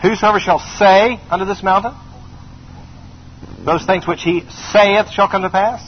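A middle-aged man preaches with an emphatic, high-pitched voice, repeating key phrases and calling on his listeners to answer back. The recording is slightly muffled, with faint background noise. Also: fairly even intonation, measured pace. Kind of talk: sermon.

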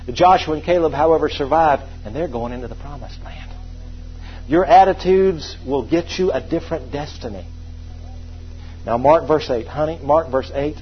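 A man's voice: on the high side, lo-fi sound. A man preaching a sermon, emphatic and repetitive, calling on the congregation to repeat phrases back to him.

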